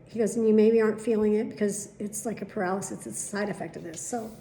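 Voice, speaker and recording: A woman's voice: medium pitch, quick pace, warm tone, echoey room, a little hiss or hum. A middle-aged woman vlogging casually, telling a long story with plenty of swearing and acted-out dialogue. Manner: chatty, swearing, retelling dialogue. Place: at home.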